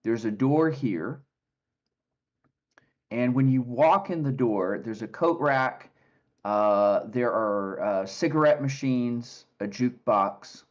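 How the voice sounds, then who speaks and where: Guy gm describing a bar scene, lots of uhs, kinda dull lo-fi audio. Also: medium pitch. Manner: relaxed, halting, many fillers. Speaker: game master. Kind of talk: narrating a tabletop game.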